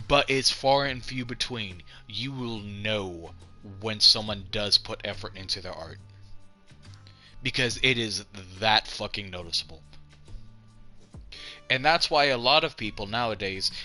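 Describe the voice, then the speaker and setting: A man's voice: mid-range voice, pushed and bright. A man casually commenting while playing a game, rambling and swearing, often restarting sentences and reading game text aloud. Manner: rambling and profane, frequent restarts.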